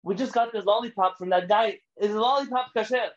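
A man's voice: brisk, lo-fi sound, natural voice. A man voicing a timid five-year-old boy who asks a question in a tiny, earnest voice. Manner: small, high, earnest.

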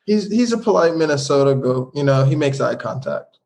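A man's voice: mid-range voice, lively intonation, brisk, creaky, a little mellow. A man co-hosting a podcast, chatting about a TV episode in a laid-back, wry way. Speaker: podcast co-host. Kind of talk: casual TV episode recap chat.

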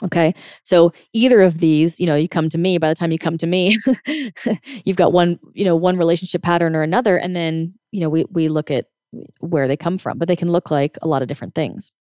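A woman's voice: on the low side, brisk, warm tone, no echo, studio quality. A woman working as a relationship coach, giving casual, frank advice in a monologue, sometimes swearing, often laughing and acting out quoted reactions. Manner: frank and blunt, with occasional swearing.

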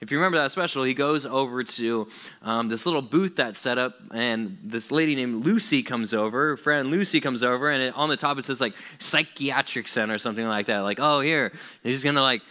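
A man's voice: medium pitch, a little fast, sharp tone. A young man preaching a casual youth sermon, loose and chatty, full of "like"s and acted-out quotes. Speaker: youth pastor.

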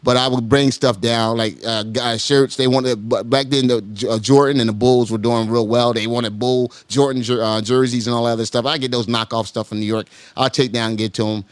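A man telling a long personal story in a casual podcast chat. He acts out the people in it with sudden high-pitched voices and repeats his words as he goes. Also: fairly even intonation, brisk, few pauses, smooth, dry recording.

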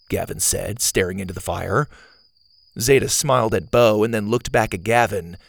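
A man's voice: on the low side, moderate pace, creaky, slightly rough, no room sound. A man hosting a children's story show, reading aloud and talking to young listeners in an upbeat, direct way. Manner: warm, upbeat and direct to kids. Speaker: storyteller host.

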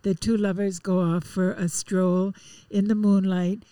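A woman co-hosting a radio show, gently telling the stories behind songs in casual chat. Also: medium pitch, little pitch movement, a little slow, no echo. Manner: gentle storytelling, explains songs. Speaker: radio co-host.

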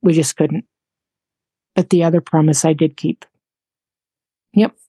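A woman's voice: low-pitched, fairly even intonation, unhurried, breathy edge, no room sound. A woman in her sixties, a podcast guest, speaking candidly and reflectively, often repeating herself as she thinks. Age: 60s. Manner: soft-spoken, candid, repeats phrases while thinking. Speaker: interview guest.

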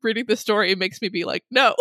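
A woman's voice: mid-range voice, fast, fairly bright tone, no echo, clean studio sound. A young adult woman co-hosting a podcast, reading listener submissions in a chatty, giggly way with many ums. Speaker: podcast co-host.

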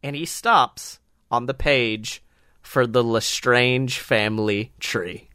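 A man co-hosting a comedy podcast, retelling a story in a rambling, animated way, full of fillers and swearing. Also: medium pitch, slow, smooth, no room sound, clean studio sound. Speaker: podcast co-host.

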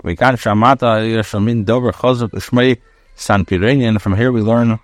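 Man, low-pitched, rabbi, ashkenazi pronunciation, verse-by-verse lesson, dry recording. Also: steady tone, moderate pace, dry recording. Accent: Hebrew in traditional Ashkenazi pronunciation. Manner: reads each phrase, then translates it in short bursts. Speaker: rabbi teaching Torah with commentary. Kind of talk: daily Bible lesson, reading verse then translating.

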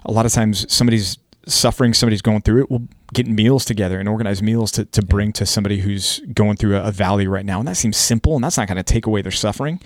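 A man's voice: fairly low pitch, steady tone, fast, hardly any pauses, no room sound, clean studio sound. A man hosting a casual Bible study podcast, talking in an earnest, conversational way and now and then acting out the quotes he reads. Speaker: podcast host teaching scripture.

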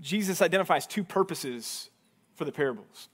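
A male pastor with a higher-than-usual voice leads a Bible study in a relaxed, conversational way. He keeps asking his listeners questions and acts out the lines he quotes. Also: moderate pace, slightly rough. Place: church hall.

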